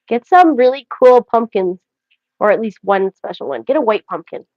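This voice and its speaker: A Canadian woman hosts a casual livestream chat, rambling, joking and speaking straight to her viewers. Her voice is a little high, animated and a little mellow, at a moderate pace. The recording is dry, dull lo-fi audio.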